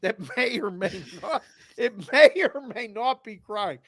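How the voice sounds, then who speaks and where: A man with a Boston accent co-hosting a casual sports show, telling an animated story over a video call and acting out both sides of the conversation. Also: sits high, unhurried, no room sound. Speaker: co-host of a sports betting show. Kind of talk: casual chat.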